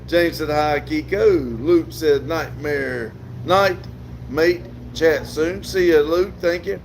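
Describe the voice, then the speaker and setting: A middle-aged man from the American South, his accent clear, talks slowly in a voice on the high side with fairly even intonation and a little hiss or hum. Outdoors on a casual livestream, he reads viewers' comments aloud and frequently laughs.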